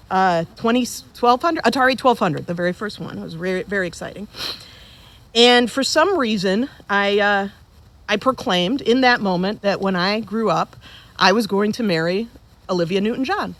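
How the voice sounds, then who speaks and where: A woman's voice: fairly high pitch, normal speed. A woman in her forties speaks at her father's funeral, addressing the people gathered in front of her. She tells funny stories in a loose, conversational way, with plenty of ums and restarts. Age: 40s. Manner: conversational, humorous storytelling. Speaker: eulogist, daughter of the deceased. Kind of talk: funeral eulogy. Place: funeral service before a gathered audience.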